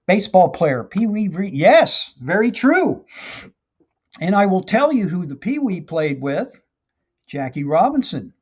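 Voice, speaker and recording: A man's voice: high-pitched, big pitch swings, takes it slowly, long pauses, breathy edge. A man hosting a live stream, telling a joke story in a folksy, rambling way with lots of fillers, then chatting with viewers. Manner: folksy, rambling, many "you know" fillers. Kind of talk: casual storytelling and motivational chat. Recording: dull lo-fi stream audio.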